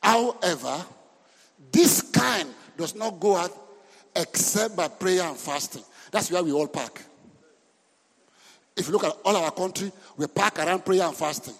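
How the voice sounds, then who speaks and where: A man preaching a sermon as pastor, lively and breaking into sudden shouts. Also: sits high, measured pace, gravelly, husky. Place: church hall. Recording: reverberant church hall.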